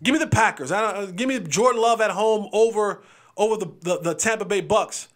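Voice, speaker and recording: On a sports show, the male host offers game picks in a voice that sits high and moves a little fast. His delivery is casual, animated and playful, with phrases repeated for emphasis.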